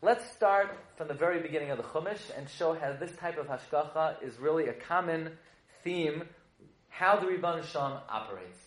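A man's voice: on the high side, brisk. A man teaching a humorous Torah lesson as a rabbi, telling stories, joking and quizzing his listeners. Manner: joking, storytelling, quizzes the audience. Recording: echoey room.

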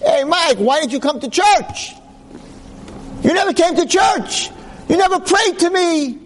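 A man voicing a scolding male savior figure who berates someone at heaven's gate in a high, shouting voice. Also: expressive, measured pace, long reverb tail, slight background noise.

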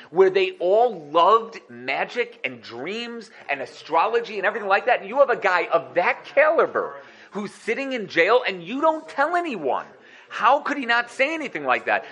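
In a high voice, a man teaches the weekly Torah portion, explaining the commentaries lively and acting out quoted lines with mounting excitement.

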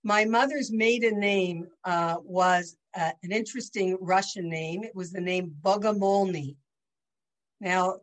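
A woman teaching a religious lesson in a relaxed, conversational manner. She uses frequent fillers and small restarts and speaks at an average pitch. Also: low-quality recording. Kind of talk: casual religious lesson and storytelling.

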